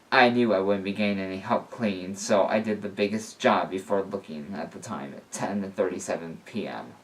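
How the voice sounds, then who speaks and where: A man's voice: low voice, far from the mic. A man reading a fan fiction story aloud in a casual way, stumbling and restarting now and then. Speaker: story reader.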